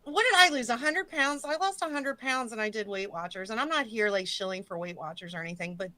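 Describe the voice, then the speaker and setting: A woman hosting a casual live stream, chatting loosely and swearing, with jokey shout-outs to her chat. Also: fairly high pitch, animated, fast talker, no echo. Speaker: stream host.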